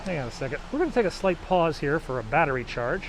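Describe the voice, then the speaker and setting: A middle-aged man strolls a snowy city street and talks casually to his handheld camera. His voice sits a touch high, and he rambles from one anecdote to the next. Faint street noise and passing cars hum behind him. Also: big pitch swings, fast talker. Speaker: vlogger. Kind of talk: casual walking tour commentary.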